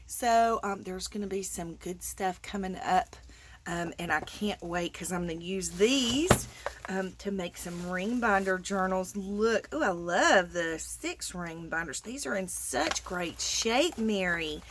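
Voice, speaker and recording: A woman's voice: fairly low pitch, measured pace, noisy background. A middle-aged woman from Georgia with a Southern accent, chatting casually and effusively to her viewers. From Georgia, USA. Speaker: crafting vlogger. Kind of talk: casual chat unboxing mail.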